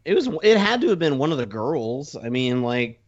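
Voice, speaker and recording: A man's voice: medium pitch, sing-song, moderate pace, dull audio. A man joining a casual movie podcast, jokey and emphatic, often tossing in "dude". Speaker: podcast co-host. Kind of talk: casual movie review chat.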